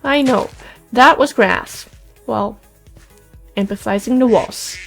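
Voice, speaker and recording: Young woman, higher voice, rambling and excitable, tired out, faint music underneath. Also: takes it slowly, creaky. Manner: rambling, excitable, emotional, with restarts and sighs. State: worn out after a concert. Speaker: let's play host. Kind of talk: casual chat while gaming.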